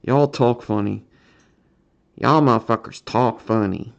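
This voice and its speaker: A man's voice: on the low side, fairly even intonation, moderate pace, creaky, a little mellow. A man with a Philadelphia accent, casually chatting with livestream viewers in a joking, profane way. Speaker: invertebrate keeper streaming to viewers.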